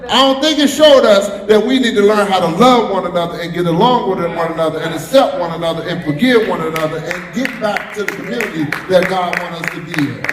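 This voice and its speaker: A man's voice: sits high, fast talker, hardly any pauses, a crowd in the background. A man preaching a sermon as pastor, repeating phrases and drawing responses from the congregation. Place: church sanctuary. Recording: echoey hall, roomy reverb.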